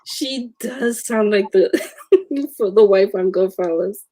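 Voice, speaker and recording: A woman's voice: medium pitch, slow, dry recording. A woman chatting casually from off camera, commenting and laughing easily. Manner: relaxed commenting, easy laughter. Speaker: off-camera companion. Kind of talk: casual chat.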